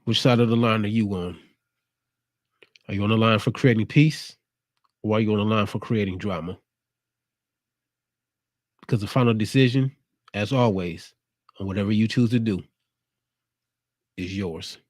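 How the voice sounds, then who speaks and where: Speaking in a lowish voice at a moderate pace, this man pauses often as he hosts his own show. The studio-quality recording has no echo. His motivational monologue is casual and streetwise, with a laid-back but preachy edge.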